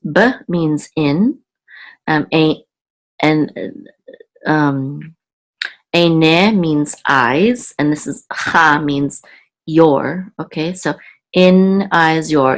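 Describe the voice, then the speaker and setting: A woman teaching Biblical Hebrew word by word, patient, repeating each word and checking in with "okay?". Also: low voice. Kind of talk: word-by-word Hebrew reading lesson.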